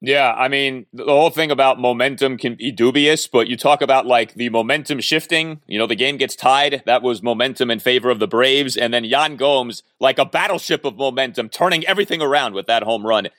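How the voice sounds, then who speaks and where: A man co-hosting a casual baseball talk show, talking in an animated, emphatic way. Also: mid-range voice, a little fast, hardly any pauses, no echo, studio quality. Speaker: baseball podcast co-host.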